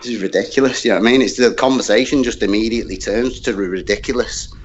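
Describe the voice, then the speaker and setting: A man's voice: lowish voice, fast talker, highs cut off. A man chatting bluntly on an online panel, saying "mate" constantly. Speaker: panel guest. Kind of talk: casual online panel chat.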